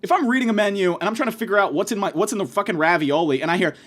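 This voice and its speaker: A man's voice: sits high, rapid-fire, very noisy. A man hosting a podcast, delivering a profane, sarcastic comedic rant. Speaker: podcast host.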